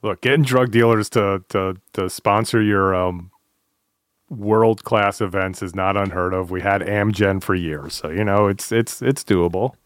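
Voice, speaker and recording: Relaxed man hosting a podcast. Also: on the low side, no room sound, clean studio sound. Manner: relaxed, halting, repeats words. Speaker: podcast host. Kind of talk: casual podcast chat.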